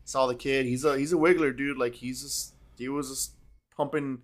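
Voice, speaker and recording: A man's voice: medium pitch, fairly even intonation, moderate pace. A young man co-hosting a casual podcast chat, rambling and laughing often, swearing freely. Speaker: podcast co-host.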